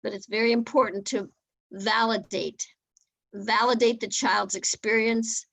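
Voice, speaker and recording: A woman's voice: fairly high pitch, steady tone, unhurried, vocal fry, fairly bright tone, no room sound. Earnest woman giving a talk. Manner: earnest, repeats words when restarting. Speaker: guest speaker on parenting. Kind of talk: webinar talk.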